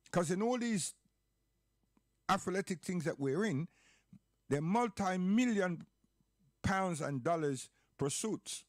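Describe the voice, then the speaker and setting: A man speaks in an impassioned, emphatic monologue, hammering points with repetition and rhetorical questions. His voice sits a little high. The recording is dry and close, with no room sound. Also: no echo.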